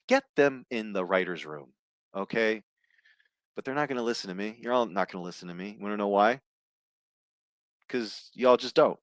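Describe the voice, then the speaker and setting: Profane, blunt YouTuber with a low voice. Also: male voice, fairly bright tone, no room sound. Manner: profane, blunt, reads news aloud with asides. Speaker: movie news YouTuber. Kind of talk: casual ranting commentary.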